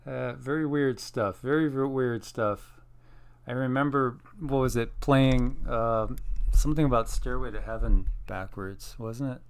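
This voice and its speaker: A man's voice: medium pitch, unhurried, clear, resonant tone, no echo. A man co-hosting a casual online show, chatting easily with viewers and laughing often. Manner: easygoing, laughs often, thinks aloud. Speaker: channel co-host.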